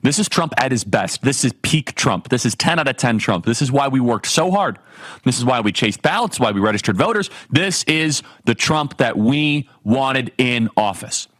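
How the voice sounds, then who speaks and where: A man hosting a political talk show, giving an emphatic, animated monologue full of rhetorical questions. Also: mid-range voice, moderate pace, no room sound. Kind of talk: fiery political commentary monologue.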